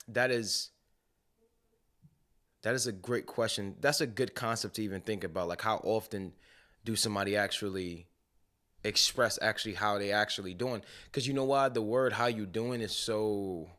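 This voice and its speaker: A young man co-hosting a podcast in casual chat, laid-back and slangy, chiming in with quick agreement. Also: on the low side, fairly bright tone. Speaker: podcast co-host.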